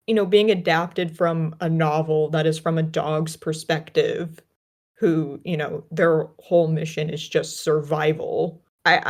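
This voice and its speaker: A woman's voice: sits low, darkish tone. A woman co-hosting a podcast from a remote call, chatting casually about a film with lots of fillers and restarts. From United States. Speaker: podcast co-host.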